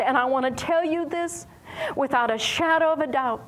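A woman's voice: high-pitched, normal speed, slight background noise, rough recording. A woman from the United States preaching a sermon as a Bible teacher, impassioned and emphatic, repeating phrases for force.

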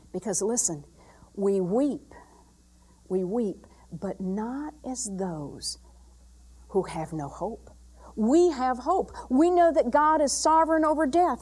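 A woman with a fairly high voice preaches a sermon. She moves between loud, emphatic bursts and quiet, intimate passages that draw the listener in.

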